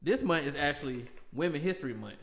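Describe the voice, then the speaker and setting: A man's voice: a little high, animated, fast talker, fairly bright tone, echoey room. A man co-hosting a casual podcast, joking and playful, throwing in catchphrases and sound effects. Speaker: podcast co-host.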